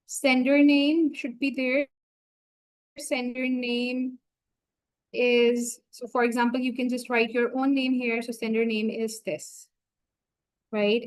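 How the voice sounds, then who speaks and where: Woman trainer, fairly high voice, slow screen-share walkthrough, talks through every click. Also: rough recording. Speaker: software trainer. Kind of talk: screen-share software tutorial.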